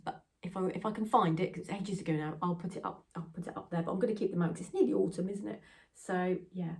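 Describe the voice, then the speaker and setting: A woman's voice: on the low side, fast talker, creaky, darkish tone, distant mic. Rambling, laughing English woman, a bit off-mic. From England. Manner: rambling, self-deprecating, laughs often. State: tearful, emotional. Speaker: craft channel host. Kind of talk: casual chatty vlog.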